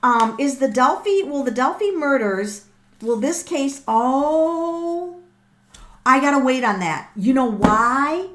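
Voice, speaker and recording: A middle-aged woman hosting a live tarot reading, excitable and thinking aloud with frequent ums and repeated words. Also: sits high, takes it slowly. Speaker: tarot reader and livestream host.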